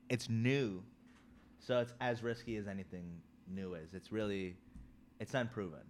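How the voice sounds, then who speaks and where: A man co-hosting a podcast, talking in a measured, insistent way and reading facts aloud. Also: on the low side, slight background noise. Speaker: podcast co-host. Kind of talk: casual chat.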